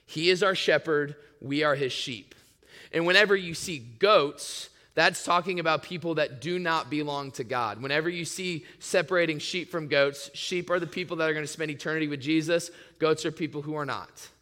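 Bright-voiced male preacher in a reverberant hall. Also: fairly high pitch, moderate pace. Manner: casual and excitable, many "like" fillers. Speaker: pastor. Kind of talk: sermon. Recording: long reverb in a large hall.

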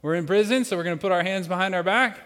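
A man's voice: high voice, racing, a bit bright. A man leading a church congregation through a playful participation exercise, joking and coaching them as he teaches. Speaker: pastor. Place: church sanctuary with a large room. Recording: long hall reverb.

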